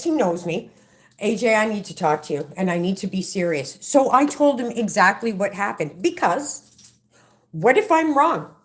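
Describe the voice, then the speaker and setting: A middle-aged woman ranting on a livestream, swearing freely as she tells a long story and acts out the other people's lines. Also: on the high side. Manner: profane, animated storytelling with acted-out quotes. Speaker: livestream vlogger.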